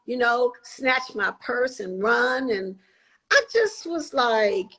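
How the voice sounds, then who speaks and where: A woman in her sixties, a guest telling her life story in an interview, animated and acting out the voices of people she quotes. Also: fairly high pitch, slow pace, husky, poor audio. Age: 60s.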